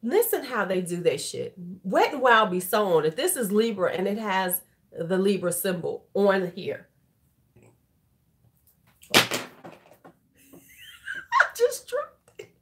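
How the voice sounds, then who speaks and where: Tipsy middle-aged woman, loud and chatty beauty vlogger, swears easily. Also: medium pitch, lively intonation, a little slow, long pauses. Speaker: beauty YouTuber. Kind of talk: casual livestream chat.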